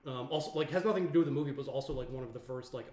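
A man co-hosting a podcast, giving measured, thoughtful takes on films. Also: mid-range voice, a little mellow. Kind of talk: casual film discussion. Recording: roomy echo.

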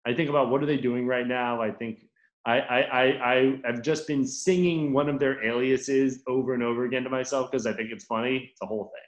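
Deadpan man in an echoey room. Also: medium pitch, fairly quick, dull audio. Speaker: podcast co-host. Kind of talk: casual chat.

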